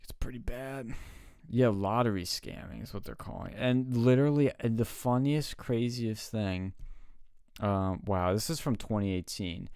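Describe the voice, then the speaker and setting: A man co-hosting a casual talk show, telling stories excitedly and swearing often. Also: fairly low pitch, smooth, no echo, clean studio sound. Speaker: co-host. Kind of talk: casual chat.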